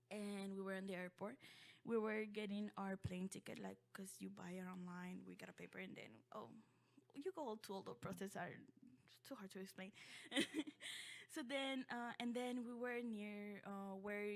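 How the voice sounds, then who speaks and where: A young woman from Ecuador telling a personal story in a halting, heartfelt way, full of fillers and restarts. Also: mid-range voice.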